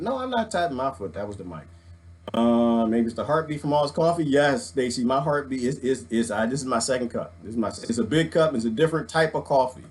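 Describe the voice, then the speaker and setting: Animated man ranting on a livestream. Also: mid-range voice. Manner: excitable, jokey, preachy, swings from loud to hushed. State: wired on coffee. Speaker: vlogger reading live comments.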